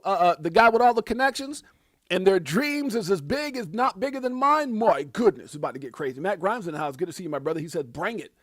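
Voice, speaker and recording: High-pitched guy hyping his livestream viewers, dry close sound, keeps shouting people out. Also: no echo. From United States. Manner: hyped, preachy, shouting out viewers. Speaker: livestream host. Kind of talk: casual livestream chat.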